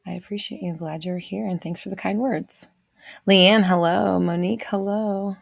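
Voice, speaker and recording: A woman's voice: mid-range voice, fairly even intonation, normal speed, gravelly, no room sound, studio quality. A woman hosting a livestream, chatting casually with viewers, reading out their names and laughing often. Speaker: host of a livestream show. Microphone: visible desk microphone on an arm.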